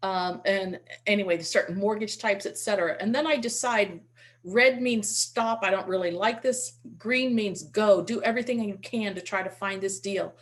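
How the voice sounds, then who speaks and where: A woman's voice: mid-range voice, moderate pace. A woman teaching real estate investing in an online webinar, speaking through a computer mic in a chatty way and repeating words as she restarts. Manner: demonstrates with call scripts.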